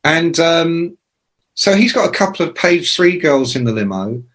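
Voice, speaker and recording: A man in his sixties, a rock journalist telling profane, lively anecdotes as a podcast guest. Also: fairly high pitch, unhurried. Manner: lively, profane, acts out quoted voices. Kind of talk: anecdotal storytelling in a podcast interview.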